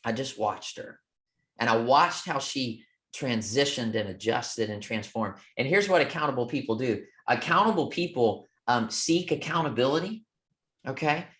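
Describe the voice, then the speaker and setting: A man delivers a motivational coaching talk in a mid-range voice. He speaks in a storytelling cadence with a preacher's rhythm. He stresses his points hard, swings between loud and hushed, and checks in with his listeners again and again. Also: medium pitch, expressive, moderate pace. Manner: emphatic, repeats "okay?" and sways between loud and soft. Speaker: real estate coach.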